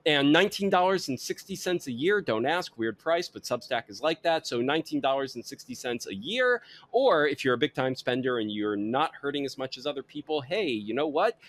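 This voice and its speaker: A man's voice: medium pitch, a bit bright. A man hosting a podcast about wine and comics, talking casually and rambling through his plugs. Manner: rambling, self-correcting plugs. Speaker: podcast host.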